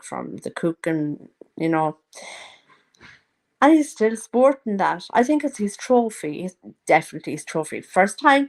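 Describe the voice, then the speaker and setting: Woman, casual vlog host, gossipy and mocking, drawls slowly. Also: deep voice. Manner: gossipy, teasing, puts on mocking voices. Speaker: vlogger. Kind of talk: casual chat to a live audience.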